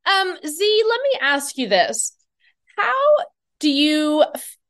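Woman host, fairly high voice, chatty and winding when she asks things. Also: big pitch swings, slow, fairly bright tone. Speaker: panel host. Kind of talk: panel discussion.

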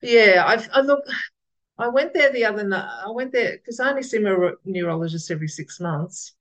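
A woman with a gravelly voice, chatting casually as a podcast guest and often restarting her sentences. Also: medium pitch, brisk, a bit bright, rough recording. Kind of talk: casual interview chat.

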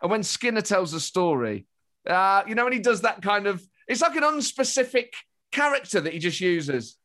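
A man's voice: sits high, very animated, moderate pace, fairly bright tone. A British man, a comedian, talking animatedly as a podcast guest, often restarting his thoughts mid-sentence. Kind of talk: casual interview chat.

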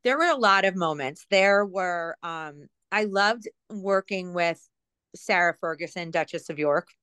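A woman's voice: fairly low pitch, a little slow, sharp tone, clean tone, no echo. A middle-aged woman, a former TV producer, telling rambling, self-mocking stories as a guest in a casual interview. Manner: chatty, rambling, self-mocking, lots of asides and fillers. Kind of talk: casual storytelling in a podcast interview.

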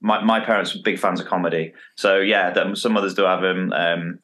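Male podcast guest, lowish pitch, lively retelling of favourite scenes. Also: a little fast. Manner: animated, quoting lines with relish. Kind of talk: casual chat.

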